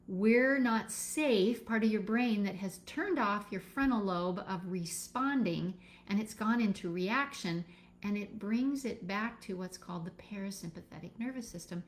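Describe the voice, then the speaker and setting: A woman teaching a live session as a birth educator, calm and instructive, guiding listeners step by step with pauses. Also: mid-range voice.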